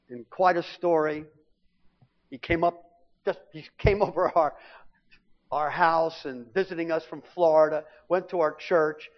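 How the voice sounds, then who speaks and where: A middle-aged man preaching, telling a lively personal story from the pulpit and acting out what his family said. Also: a little high. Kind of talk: sermon testimony storytelling. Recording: dull lo-fi recording.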